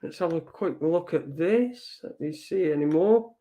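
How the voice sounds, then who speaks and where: A man talks in a high, lifted voice, reading headlines and riffing on them as he goes. His chat is loose and rambling, full of swearing and restarts, like a host musing live to his viewers. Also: measured pace, dark tone. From Britain. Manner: rambling, swears often, reads headlines aloud. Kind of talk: casual live news commentary.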